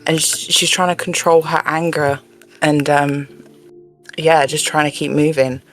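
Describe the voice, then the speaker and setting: Animated, laughing tabletop player. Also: medium pitch, measured pace, soft background music. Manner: animated, rambling, laughing often. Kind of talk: casual tabletop play.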